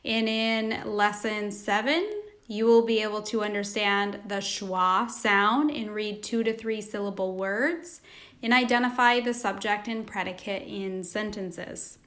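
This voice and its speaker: A woman teacher giving a recorded phonics lesson to children, speaking slowly and carefully, sounding out each word. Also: medium pitch, fairly even intonation, a bit bright.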